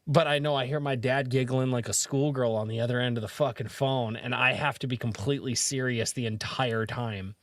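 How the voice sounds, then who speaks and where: A man hosting a podcast, telling a family story in casual chat, animated and swearing freely. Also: medium pitch, brisk, hardly any pauses, no echo, clean studio sound. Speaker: podcast host.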